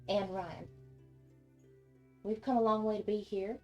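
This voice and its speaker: A gracious, formal noblewoman minister in a tabletop game, played by a woman in a near-natural voice. Her tone is mellow. Faint music plays underneath. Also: mid-range voice, steady tone, measured pace, dull audio, natural voice.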